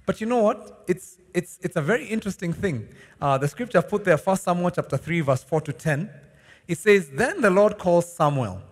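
Male pastor, animated sermon delivery, reverberant church hall sound. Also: sits high, fast talker. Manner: animated preaching with rhetorical questions and laughs.

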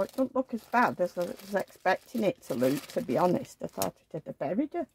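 Woman vlogger, chatty and rambling, coos at dolls; gravelly voice with a lively, swooping pitch. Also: a little fast, few pauses, slight background noise. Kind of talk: casual chat.

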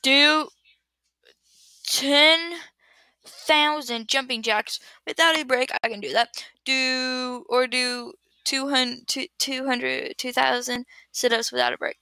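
A young woman chats to her computer webcam at home in a bright, fairly high voice, giggly and scatterbrained. She often trails off and starts again. The sound is dry and close, with no room echo. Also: fairly even intonation, slow. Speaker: vlogger answering would-you-rather questions. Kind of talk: casual rambling chat to camera. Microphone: built-in computer webcam mic.

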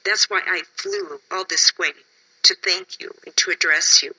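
Husky emotional woman testifying. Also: on the low side, fairly even intonation, normal speed, bright, forceful tone, poor audio. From Wisconsin, US. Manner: emotional, pleading, insistent. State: tired. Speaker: member of the public giving testimony. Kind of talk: public testimony at a hearing.

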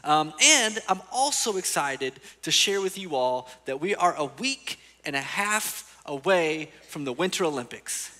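A man preaching as teaching pastor, animated and joking, acting out little voices as he tells stories. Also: a little high, a little slow, hardly any pauses. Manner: animated storytelling, acts out voices. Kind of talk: lively sermon with humor. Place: church auditorium. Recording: long church hall reverb.

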